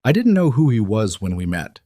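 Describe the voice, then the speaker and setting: A nervous young working woman, as a male narrator voices her, answering plainly and keeping herself steady. The voice stays low and quiet, close to the mic with a dry sound. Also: a little fast, dry recording. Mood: candid.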